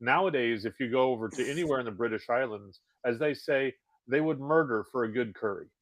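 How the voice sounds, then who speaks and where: A middle-aged man on a podcast, cracking wry and crude jokes in a deadpan way. His voice sits at an everyday pitch and is recorded very dry, with no room sound. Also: brisk, no echo, low-quality recording. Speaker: podcast co-host. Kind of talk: casual chat.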